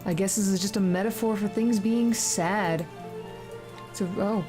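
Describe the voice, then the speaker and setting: A woman's voice: medium pitch, lively intonation, moderate pace, music in the background. A young woman doing casual gameplay commentary, reading the game text aloud and mocking the story sarcastically, with the odd swear. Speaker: let's-play gamer.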